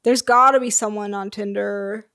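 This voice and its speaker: Creaky-voiced young woman co-hosting a podcast. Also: mid-range voice, steady tone, normal speed, sharp tone. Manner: playful, joking, lots of "like" and "um". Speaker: podcast co-host. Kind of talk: casual chat.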